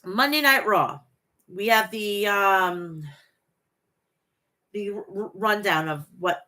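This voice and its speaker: A woman's voice: mid-range voice, slow pace, pushed and bright. A woman in her forties hosting a casual wrestling show, profane, gushing and rambling as she talks to her chat. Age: 40s. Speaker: wrestling podcast host. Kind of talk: casual chat reading live chat.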